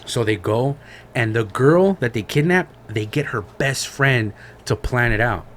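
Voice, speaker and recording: A man's voice: mid-range voice, a little slow, slight background noise. A man co-hosting a podcast, retelling a story in casual chat with slang and swearing. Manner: slangy, profane, animated retelling. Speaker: podcast co-host.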